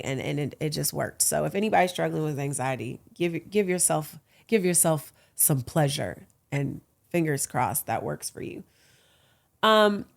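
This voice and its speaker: Here a late-thirties woman runs her podcast solo in a relaxed, chatty way. Her voice sits low and carries vocal fry, and she talks candidly and teasingly, laughing a lot and encouraging whoever's listening.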